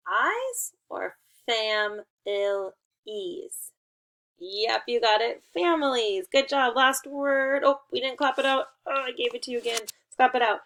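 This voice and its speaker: A woman's voice: on the high side, creaky, a bit bright. A young adult woman teaching a phonics lesson to children, sounding out words and praising them. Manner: slow, encouraging, sounding out words.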